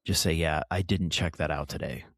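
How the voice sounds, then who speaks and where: Man, very low voice, podcast co-host, plain steady advice, dry sound. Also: a little fast, vocal fry, dry recording. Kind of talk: casual podcast chat.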